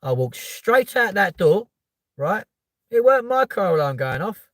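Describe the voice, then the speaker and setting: A man with a London accent tells a story in casual chat, his voice leaping up high and loud whenever he quotes himself. He swears freely and keeps checking in with "right?" and "yeah?". The sound is close and dry. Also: a little slow, no echo. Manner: animated, voice jumps up when quoting himself. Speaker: podcast host.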